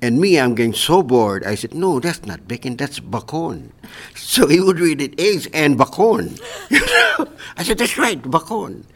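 An older man with a Hawaiian accent tells stories with a lively, rising and falling voice. He is a retired school principal who jokes and laughs his way through the telling. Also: a little high, normal speed. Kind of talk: storytelling in a group conversation.

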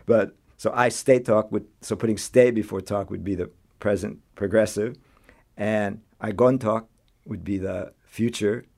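A man giving a short, friendly grammar lesson and explaining verb tense markers in a clear, self-deprecating way. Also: fairly low pitch, warm tone.

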